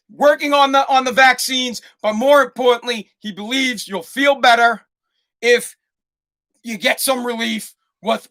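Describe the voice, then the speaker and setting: A man, hosting a podcast as a sarcastic, excitable, profane comic rant that often breaks into shouting. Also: very high voice. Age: 40s. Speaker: podcast host. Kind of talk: comedic rant.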